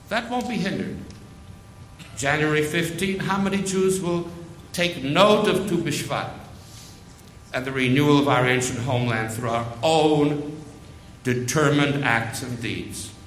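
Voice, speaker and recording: A man preaching a sermon, slow and emphatic, repeating phrases for weight. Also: on the high side, a bit bright, echoey room, a little hiss or hum, rough recording.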